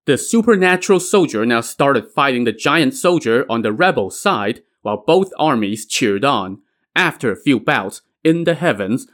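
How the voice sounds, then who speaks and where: A man's voice: medium pitch, fairly bright tone. A man narrating a classic adventure tale in a conversational storytelling style, with casual asides to the listener. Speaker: storyteller, podcast host.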